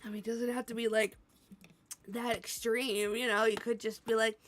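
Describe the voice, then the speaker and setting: A woman's voice: fairly high pitch, flat delivery, normal speed, a bit bright, faint music behind. An American woman streamer, tired and laughing often, chatting casually with her viewers and greeting them by name. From United States. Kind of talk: casual live-stream chat.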